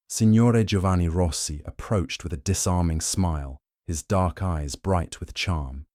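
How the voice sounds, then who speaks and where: A man narrating a mystery audiobook in a measured, even storytelling manner. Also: sits low, no room sound, clean studio sound.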